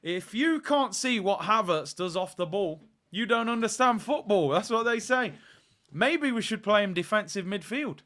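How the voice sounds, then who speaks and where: A young man hosts a live fan watchalong, calling the play and chatting to viewers. His voice is bright and sits slightly high, and he gets excitable when the action picks up. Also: normal speed. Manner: chatty, excitable, jumps between play-by-play and asides, reads chat aloud. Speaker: fan channel host doing a live watchalong. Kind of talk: casual live match commentary.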